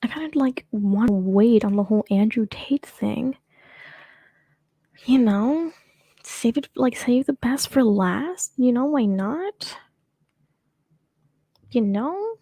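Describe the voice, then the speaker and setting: Mellow-voiced young woman rambling. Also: on the high side, expressive, slow, pauses often, no room sound. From United States. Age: young adult. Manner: rambling, self-mocking and jokey, laughing often. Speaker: show host. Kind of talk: casual chat commentary.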